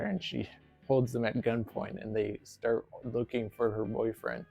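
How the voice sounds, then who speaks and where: A man's voice: lowish voice, steady tone, measured pace, gravelly, warm tone, highs cut off, faint music behind. A man casually recapping a movie plot, rambling with lots of "like" and frequent laughs. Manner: rambling, fills with "like", laughs often. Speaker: movie reviewer.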